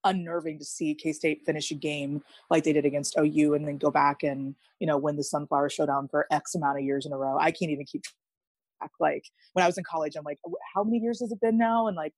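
Young female podcast guest: low, dry voice, chatty and digressive. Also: flat delivery, fairly quick, a little mellow, no room sound. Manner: chatty, laughing, rambling asides. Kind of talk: casual sports chat.

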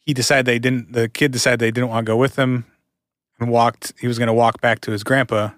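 Male podcast co-host, mid-pitched, steady storyteller, dry studio sound. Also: brisk, no echo. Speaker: podcast co-host telling the stories.

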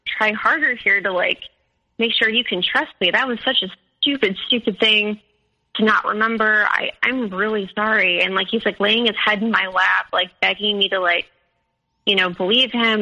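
A woman's voice: medium pitch, sharp tone, dull audio. A young woman telling her personal story as a podcast guest, candid and full of fillers. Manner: candid storytelling with many fillers, quoting others.

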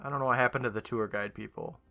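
A man's voice: medium pitch, fairly even intonation, fast, pushed and bright, no room sound, soft background music. A man co-hosting a podcast, joking and sarcastic in casual chat, often swearing. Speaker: podcast co-host.

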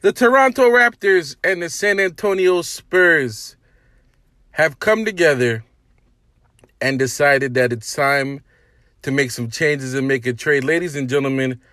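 A man hosting a casual sports podcast. He talks straight to his listeners in an animated, hyped-up way and calls people out. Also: medium pitch, unhurried, pauses often, dry recording, clean studio sound. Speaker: podcast host.

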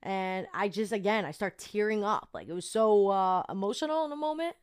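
A young woman hosting a podcast, telling a personal story in a chatty, animated way with lots of fillers. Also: mid-range voice, brisk, smooth. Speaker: podcast host. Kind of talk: casual storytelling monologue.

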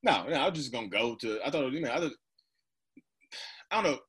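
Against a noisy background, a man in his thirties talks briskly and expressively in a mid-range voice as an interview guest. The conversation is candid and personal; he rambles, laughs often, and acts out his own remarks.

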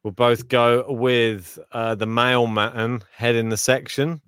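A man's voice: medium pitch, level tone, takes it slowly, a bit bright, clear, resonant tone, no room sound, studio quality. A man co-hosting a podcast in casual, slangy banter, teasing his partner. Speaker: podcast co-host. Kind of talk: casual chat.

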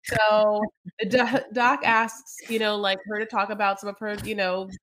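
A woman's voice: mid-range voice, level tone, normal speed, a bit bright, slight background noise. A woman co-hosting a podcast, rambling casually with lots of fillers as she recaps a reality show. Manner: rambling, lots of "like" and "you know". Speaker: podcast co-host.

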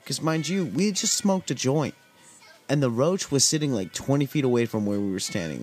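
A man's voice: medium pitch, expressive, a little fast, darkish tone, faint music behind. A young man from Southern California's desert valley, casually telling a podcast story in a laid-back, profane, filler-heavy way. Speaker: podcast host.

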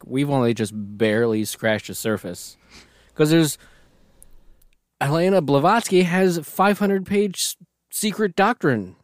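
A man's voice: a little high, no room sound, clean studio sound. A man in his thirties co-hosting a podcast, talking in a laid-back way and chuckling often. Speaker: podcast co-host. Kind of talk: casual chat.

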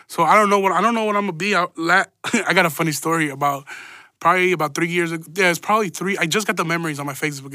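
A man's voice: a little high, sharp tone, no echo, clean studio sound. A man hosting a podcast, telling stories in a rambling, profane, laid-back way full of slang. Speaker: podcast host. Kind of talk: casual solo podcast storytelling.

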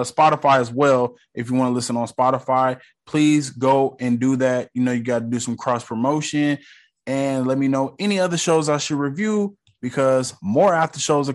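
A man from the United States hosting a casual solo podcast, rambling in a laid-back, slangy way with lots of fillers. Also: mid-range voice. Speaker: podcast host.

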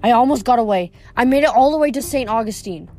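A woman doing a high, jittery young satyr. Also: lively intonation, fast, darkish tone, faint music behind. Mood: pleading, frantic. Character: frightened young male satyr in a bridal gown.

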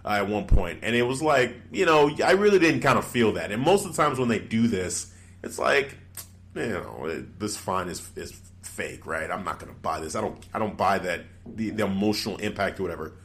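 Animated low-voiced man recapping casually. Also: fairly quick. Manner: animated, laughs often, acts out quotes. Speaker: podcast co-host. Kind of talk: casual wrestling recap chat.

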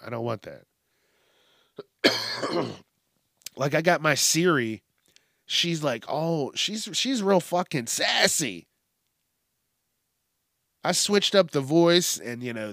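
A man hosts a comedy podcast in an unhurried, rambling rant. His pitch swings widely and he swears freely, often laughing at himself. The sound is dry and close to the mic. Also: sing-song, creaky, fairly bright tone, no echo. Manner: rambling, profane, self-mocking, acts out little voices. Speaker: podcast host.

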